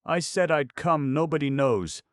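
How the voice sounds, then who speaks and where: A man's voice: fairly high pitch, animated, unhurried, no room sound, studio quality, pitched above the performer's own voice. A man voicing an anxious, pleading young lady. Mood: plaintive. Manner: faltering, pleading.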